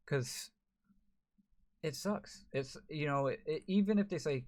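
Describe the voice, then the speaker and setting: A man's voice: mid-range voice, animated, measured pace, darkish tone. A man, a gaming YouTuber, talking to camera in a frustrated, rambling way, full of restarts. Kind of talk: emotional to-camera vlog.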